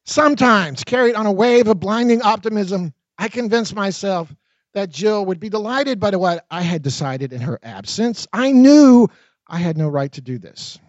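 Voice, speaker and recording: High-voiced man reading his memoir. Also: no echo. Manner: expressive, dramatic reading with quick asides. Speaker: memoir narrator. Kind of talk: audiobook narration of own memoir. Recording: dull, lo-fi dry recording.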